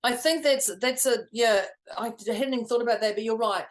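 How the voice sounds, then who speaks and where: A woman's voice: fairly high pitch, a little fast, echoey room. A woman co-hosting a podcast as a coach, talking in a chatty way and laughing often. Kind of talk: casual chat.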